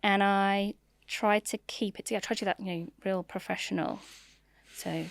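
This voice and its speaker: A woman's voice: mid-range voice, moderate pace, vocal fry, dry recording. A middle-aged woman, a marketing leader, telling frank stories in an interview on a close podcast mic. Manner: frank, open, storytelling. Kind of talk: candid interview conversation.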